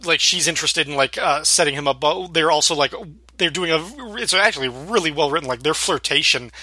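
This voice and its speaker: A man with a very bright, forceful voice, slightly higher than most, chatting casually on a podcast. He retells scenes with frequent laughs, recorded dry and close. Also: a little fast, husky, no room sound. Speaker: podcast co-host. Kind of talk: casual chat recapping a sitcom episode.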